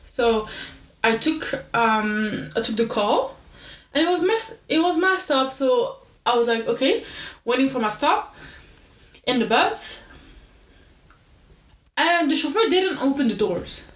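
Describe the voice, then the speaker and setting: A young woman hosts her own podcast and tells a story in a casual, animated way, poking fun at herself as she goes. Her voice sits a little high. The room has a noticeable echo. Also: unhurried, pauses often. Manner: chatty, animated, self-deprecating. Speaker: podcast host.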